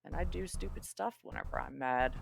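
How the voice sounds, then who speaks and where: A tabletop player voicing Pyre, a guarded female fighter who long fought alone, speaking haltingly with restarts. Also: medium pitch, gravelly, soft background music. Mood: confessing. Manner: halting, stammering confession. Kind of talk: tabletop role-play.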